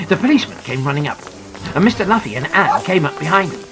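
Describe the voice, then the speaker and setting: Expressive man narrating an adventure storybook. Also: on the high side, fast, low-quality recording. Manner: dramatic, very expressive. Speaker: audiobook narrator. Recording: narration over clear music.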